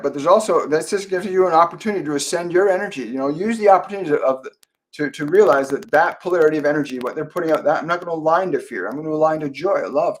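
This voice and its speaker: A man hosting a live-stream Q&A as a psychic medium, talking softly and meanderingly with many fillers and restarts. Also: fairly high pitch. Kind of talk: live-stream Q&A, relaying spirit messages.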